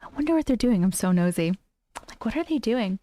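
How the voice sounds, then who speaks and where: A woman's voice: on the high side, lively intonation, fairly quick, mellow, no room sound. A woman in her thirties hosting a casual live stream, chatting with viewers and laughing often.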